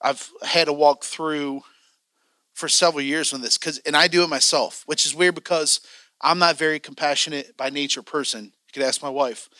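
A man's voice: on the high side, fairly even intonation, moderate pace, pushed and bright, no echo, studio quality. A man teaching a church training class, candid and joking, acting out the voices he quotes.

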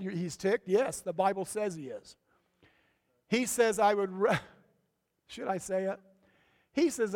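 A man's voice: high-pitched, long reverb tail. A male pastor delivering a folksy, emphatic sermon, his voice rising sharply on key points. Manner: folksy, emphatic preaching with sudden rises.

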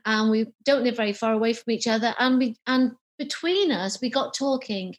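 A middle-aged woman, an author and psychotherapist, telling a personal story in an interview and acting out remembered dialogue. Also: fairly high pitch. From United Kingdom. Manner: animated, acts out remembered dialogue.

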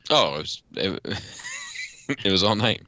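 A man's voice: fairly low pitch, very animated, slow, pushed and bright. A man in his thirties co-hosting a podcast, telling stories in rambling casual chat and swearing freely. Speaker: podcast co-host.

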